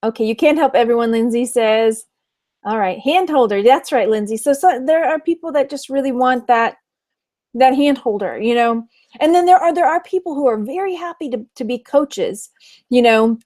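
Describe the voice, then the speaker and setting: A woman's voice: on the high side, lively intonation, normal speed, darkish tone. A woman from Texas chatting casually on a livestream, laughing often and reading out viewer comments. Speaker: online reseller and livestream host.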